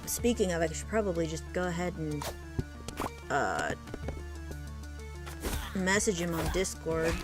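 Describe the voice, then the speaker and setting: A woman's voice: fairly low pitch, big pitch swings, measured pace, pauses often, music in the background. A woman with a Midwestern accent, streaming a game and chatting casually with friends, thinking aloud as she plays. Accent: American Midwestern. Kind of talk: casual chat while gaming.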